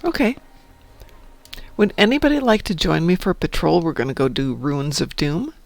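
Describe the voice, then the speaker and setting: A man's voice: a little high, sing-song, moderate pace, gravelly, dry recording. A man streaming an online space game, chatting casually with viewers and making playful sound effects as he plays. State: hiccuping and burping. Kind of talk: casual live-stream chat.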